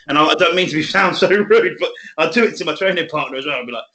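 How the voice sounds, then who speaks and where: A young man co-hosting a casual chat podcast, swearing a lot and laughing often as he tells animated stories. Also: fairly high pitch, racing, few pauses. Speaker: podcast co-host.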